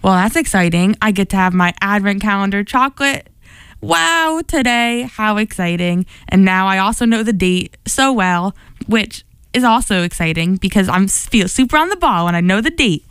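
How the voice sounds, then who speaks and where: A woman's voice: medium pitch, animated, normal speed, fairly bright tone, clear, resonant tone, no room sound. A young woman hosting a radio show, chatting casually and rambling between songs in a bubbly, enthusiastic way. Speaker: radio host.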